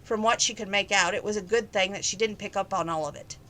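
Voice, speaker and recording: A woman's voice: medium pitch, quick pace, pushed and bright, poor audio. A woman reading a novel aloud in a plain, casual way, with small slips and restarts. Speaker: reader. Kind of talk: casual read-aloud narration.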